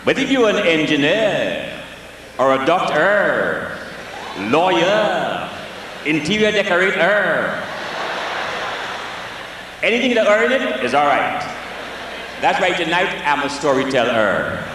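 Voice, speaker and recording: A man's voice: slow pace, pauses often, long reverb tail, noisy background. West Indian man telling comic stories. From West Indies. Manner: lively, animated, jokey with sing-song swings in pitch. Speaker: storyteller. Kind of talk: live comic storytelling.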